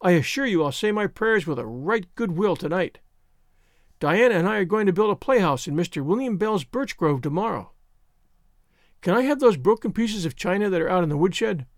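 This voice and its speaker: A man puts on a chatty young orphan girl in a storybook reading, gushing with wonder. The voice sits high and swoops widely, recorded close and dry. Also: expressive, normal speed, no echo. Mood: excited chatter. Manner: gushing, breathless enthusiasm. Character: chatty imaginative orphan girl, about eleven.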